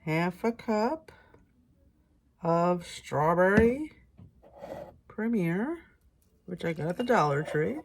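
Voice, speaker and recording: A woman's voice: on the low side, animated, slow pace, pauses often. Chatty woman hosting a cooking vlog. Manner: chatty, upbeat, talks to viewers. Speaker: cooking channel host. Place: home kitchen.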